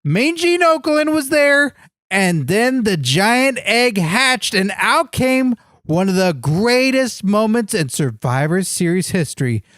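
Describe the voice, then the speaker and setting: A man's voice: high voice, sing-song, takes it slowly, a bit bright, no room sound, clean studio sound. A man co-hosting a comedy podcast, earnestly enthusiastic in a goofy way. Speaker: podcast co-host. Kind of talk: comedic banter.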